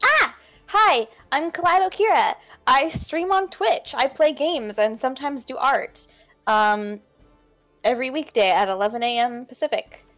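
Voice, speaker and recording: A woman streamer introducing herself in a bubbly, excited way. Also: high voice, moderate pace, faint music behind. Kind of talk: self-introduction plug.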